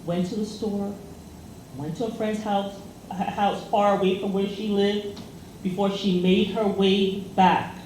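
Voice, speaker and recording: A woman's voice: mid-range voice, darkish tone. A woman co-hosting a casual chat, telling a story in a loose, filler-heavy way. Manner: chatty storytelling with many fillers. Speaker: co-host. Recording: echoey room, faint noise.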